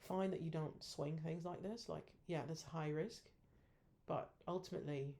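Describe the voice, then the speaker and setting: Gravelly, self-scolding woman trader. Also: low-pitched, fairly even intonation, normal speed, warm tone. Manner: self-scolding, frustrated, blunt, swears casually. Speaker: options trader reviewing own trades. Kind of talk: casual weekly trade review.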